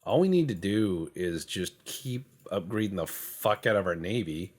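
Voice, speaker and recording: A man's voice: low voice, expressive, a little mellow, husky. A man giving rambling, joking gameplay commentary, acting out imagined conversations and muttering to himself while he works the menus. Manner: joking, acts out imagined dialogues in quick quoted voices.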